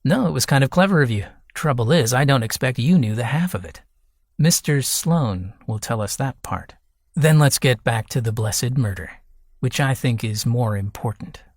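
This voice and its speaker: A man doing a brisk, blunt detective. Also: mid-range voice, expressive, no echo, clean studio sound.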